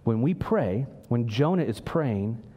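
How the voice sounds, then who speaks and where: Man, pastor, church sermon, earnest, middle pitch, voice climbs in acted prayers. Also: lively intonation, a little slow, husky, muffled recording. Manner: earnest, voice lifts high when acting out prayers.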